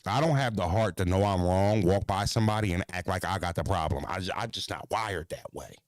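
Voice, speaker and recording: A man hosting a casual podcast, ranting bluntly with profanity, jumping into animated voices and stuttering restarts. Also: sits low, brisk, dry recording. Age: adult. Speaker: podcast host.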